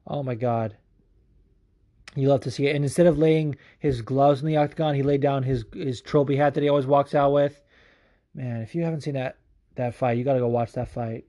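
A man hosts a casual podcast from home, his medium-pitched voice warm and mellow. He tells stories with excitable energy and swears freely along the way.

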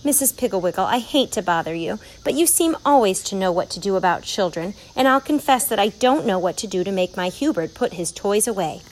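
A woman's voice: mid-range voice, expressive, a little fast, few pauses, natural voice, low-quality recording. A woman voicing a fussy, worried housewife and mother in a storybook reading, prim and exasperated.

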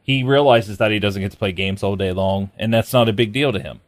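A man hosts a casual podcast chat, rambling loosely with many fillers and restarts. His voice is lowish and fairly quick, with no room sound.

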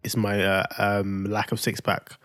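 A man's voice: on the low side, monotone, unhurried, a bit bright, no room sound. A man co-hosting a casual podcast chat, telling a family story and playfully acting out his son's lines. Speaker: podcast co-host.

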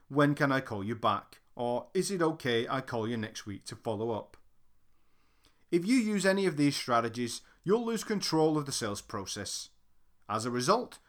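A man's voice: a little high, fairly bright tone. A man reading his own sales book aloud as instructional narration, emphatic and direct like a coach.

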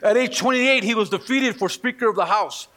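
A man preaching a sermon in church, telling stories with animated delivery and acting out the people he quotes. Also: sits high, a little fast. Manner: animated storytelling, acts out quoted voices. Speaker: pastor. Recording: long reverb of a hall.

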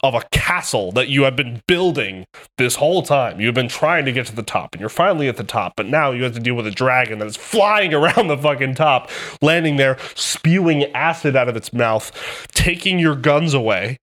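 A man co-hosting a casual podcast chat. He tells excitable stories that are full of swearing. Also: mid-range voice, moderate pace. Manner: excitable, profane storytelling. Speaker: podcast co-host.

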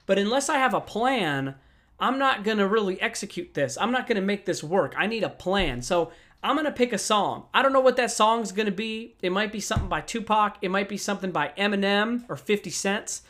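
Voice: medium pitch, lively intonation, brisk, a bit bright. A voice in a mid-range register, delivering a motivational talk on handling anger. The speaker talks straight to the listeners and repeats key phrases to drive them home. The tone stays conversational and encouraging.

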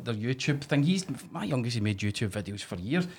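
Casting: middle-aged Glaswegian man, husky, rapid-fire, sweary storyteller. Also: medium pitch. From Scotland. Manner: sweary, animated storytelling with put-on voices. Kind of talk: casual chat.

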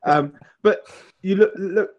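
A man chatting casually about football as a podcast co-host, enthusiastic and halting, full of restarts. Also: high-pitched, dull audio, slight background noise. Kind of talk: casual sports chat.

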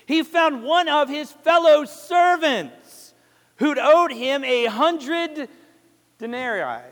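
High-voiced male pastor preaching. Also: a bit bright, in a large hall. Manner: retells a parable in a storytelling way, with questions to the congregation. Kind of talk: sermon.

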